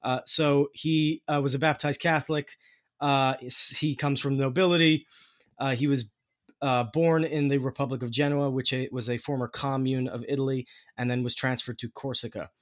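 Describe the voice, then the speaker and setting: A man's voice: medium pitch, fairly even intonation, normal speed, no room sound, studio quality. A man hosting a podcast, explaining history in casual chat, with many fillers and restarts.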